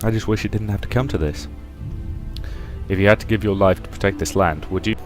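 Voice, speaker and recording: A young man reads a space drama game aloud, taking on each character's lines in turn. His voice sits low, and it jumps up in pitch and loudness for some of the characters. Faint music plays underneath. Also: brisk. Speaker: game let's-player. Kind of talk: reading a visual novel aloud, voicing characters.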